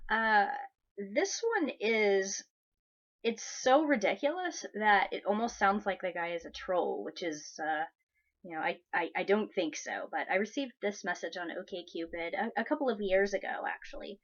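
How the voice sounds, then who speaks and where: A woman in her thirties talking to her camera in a chatty, upbeat way, with a voice of middling pitch. The sound is somewhat dull and lo-fi. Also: moderate pace. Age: 30s. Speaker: vlogger. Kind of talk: casual vlog chat.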